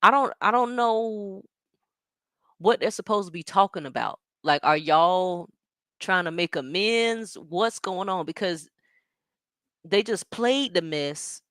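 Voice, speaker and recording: A woman's voice: fairly low pitch, lively intonation, slow pace, a bit bright, no room sound, studio quality. A woman hosting a watch party stream, reacting in casual commentary and talking straight to her viewers with laughs and asides.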